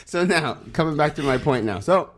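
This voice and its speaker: A man tells a story on a chat show. His voice sits fairly high and swings widely, climbing sharply whenever he gets worked up. He talks casually and keeps the listeners pulled in. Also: brisk. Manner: animated storyteller, voice jumping up when excited. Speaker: podcast co-host.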